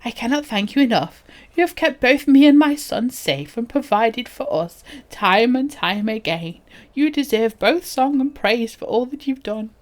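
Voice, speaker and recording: A woman's voice: fairly high pitch, lively intonation, a little slow, pitched above the performer's own voice. A woman voicing a grateful male froglok father in a game, reading his lines earnestly and formally. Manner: earnest, formal read-aloud.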